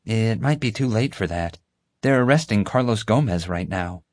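A brisk teen girl talks fast and to the point, as a male narrator puts her on. The voice is pitched high above the reader's own and recorded dry and close. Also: animated, darkish tone, no echo, natural voice. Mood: urgent. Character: brisk teenage girl friend on phone. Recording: dry close studio sound.

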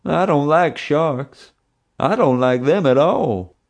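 Man doing a hulking cop, scared stiff, pitched high and dragging. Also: big pitch swings, a little slow, darkish tone. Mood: terrified. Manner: whimpering, fearful. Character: big tough male policeman, now terrified.

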